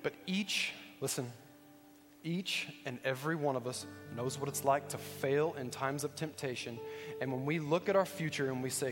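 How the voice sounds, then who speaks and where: A man with a high, bright preaching voice delivers an emphatic sermon, hammering his points home through repetition. The sound is long and reverberant, as if filling a church sanctuary, with faint music underneath. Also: normal speed. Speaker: pastor.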